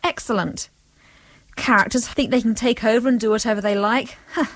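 A woman's voice: a little high, brisk, no echo. A woman, narrating a comic story and bossing her characters around, sounding exasperated. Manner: bossy, exasperated.

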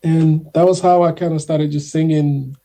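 A young man telling stories in a casual, animated way as a guest, acting out the people he quotes. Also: a little high, normal speed. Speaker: guest singer. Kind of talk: casual storytelling.

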